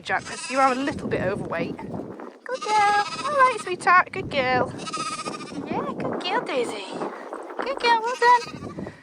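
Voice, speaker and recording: A woman chatting casually to camera while riding through fields, cooing at her animals. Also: heavy background noise. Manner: chatty, coos to animals in a high sing-song. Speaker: farm vlogger. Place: outdoors in fields on horseback. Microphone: chest cam.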